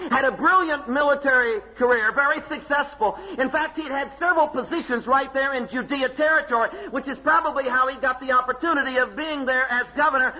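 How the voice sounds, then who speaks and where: A man preaching a sermon, emphatic, with rhetorical questions and dramatic pauses. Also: extremely high pitch, bright, forceful tone. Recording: long hall reverb.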